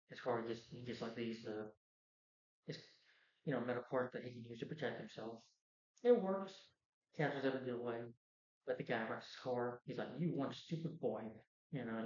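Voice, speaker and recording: A man's voice: medium pitch, normal speed. Rambling man recapping a movie. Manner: rambling, full of "you know" and "like". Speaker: movie reviewer. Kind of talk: casual plot recap. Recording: roomy, dull lo-fi sound.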